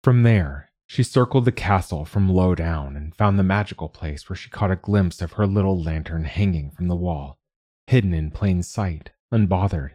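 A man narrates a fantasy audiobook in a measured, storytelling manner. His voice is low and husky. He reads steadily from a script. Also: mellow, no echo.

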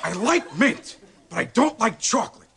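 A man playing an excitable friend pestering someone about ice cream in a comedy sketch. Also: sits high, normal speed, creaky, full character voice. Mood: eager. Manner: excitable, repeats the name Bobby.

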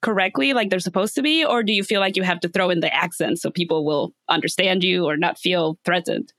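A woman's voice: fairly low pitch, a little fast, no room sound, clean studio sound. A young adult woman hosting a podcast, chatting casually and telling stories with frequent laughter. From Latin America. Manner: laughs often, animated storytelling. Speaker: podcast host.

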